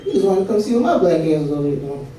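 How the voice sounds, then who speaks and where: A man's voice: high voice, big pitch swings, racing. Stand-up guy on stage, cussing and laughing thru his stories, echoey club mic from far off, crowd there. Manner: profane, laughing storytelling. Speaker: stand-up comedian. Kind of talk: stand-up comedy set.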